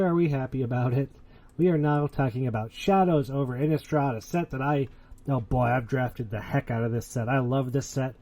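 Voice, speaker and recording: A man's voice: mid-range voice, warm tone, highs cut off. A man hosting a casual podcast, talking in a boastful, hyped-up, playful way. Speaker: podcast host.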